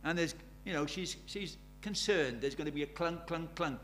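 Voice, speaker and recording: A middle-aged man preaching a sermon. He drops to near-whispers and then rises to loud, urgent questions. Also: a little high, moderate pace, a little hiss or hum. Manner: swings from hushed intimacy to loud urgent questions.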